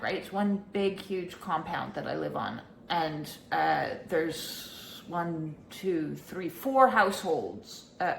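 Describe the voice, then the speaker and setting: A middle-aged woman vlogging about her spiritual life, talking in a halting, rambling way with many fillers. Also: lowish voice, bright, forceful tone, roomy sound, a little hiss or hum. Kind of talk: casual personal storytelling.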